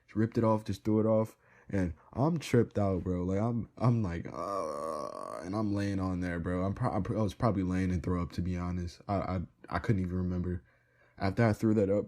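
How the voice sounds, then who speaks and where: A young male vlogger casually tells his viewers a rambling storytime packed with slang and filler words. His voice sits low with a darkish tone.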